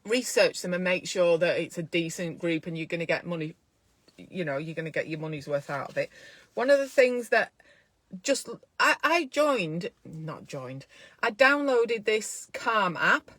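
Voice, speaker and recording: A woman's voice: on the low side, expressive, measured pace, a bit bright, no room sound. A woman who is a midwife, talking casually to camera in a self-care vlog, chatty and encouraging as she thinks aloud from a small room at home.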